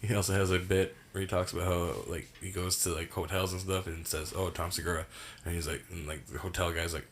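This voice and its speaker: Deep-voiced bright podcast host. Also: male voice, brisk, slight background noise. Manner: relaxed, swears casually. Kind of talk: casual chat.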